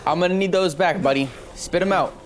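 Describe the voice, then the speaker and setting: A young man streaming a horror video game, reacting with excitable, profane trash-talk into a desk mic at home. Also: sits high, a little fast, noisy background. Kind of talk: let's play commentary.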